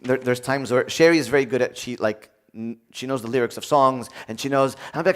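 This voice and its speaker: A man's voice: medium pitch, fairly quick, few pauses. A man preaching a sermon on marriage, acting out little dialogues and joking with the congregation. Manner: animated, acts out dialogue, jokes with audience.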